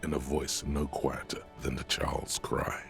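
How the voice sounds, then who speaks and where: A man voicing a dry, calm inner-voice narrator in a game, speaking in a measured, gravelly way. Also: music in the background, exaggerated voice. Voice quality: deep and gravelly.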